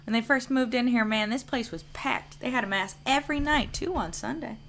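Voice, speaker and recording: A woman's voice: fairly high pitch, a little fast, vocal fry, fairly bright tone, slight background noise, pitched above the performer's own voice. A woman reading the lines of a reflective male church janitor from a narrative video game in her own everyday voice, in a musing, matter-of-fact way.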